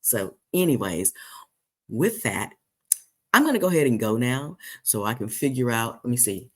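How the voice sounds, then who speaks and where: A man's voice: very animated, a little fast. Chatty man rambling through a live stream. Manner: rambling, many fillers and restarts; jumps high when mimicking people. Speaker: host. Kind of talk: casual live-stream chat.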